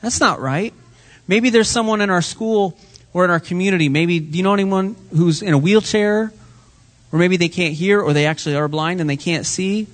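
A man's voice: sits high, moderate pace. A man giving a children's sermon in church, asking the kids friendly questions. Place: church sanctuary.

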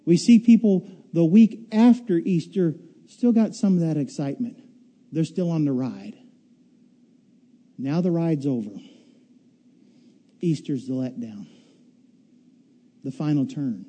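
Animated, bright-voiced man preaching. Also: unhurried, long pauses. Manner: animated storytelling, acts out riders' shouts and screams; drops to a quiet, low delivery for the sermon point. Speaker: pastor. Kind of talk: sermon.

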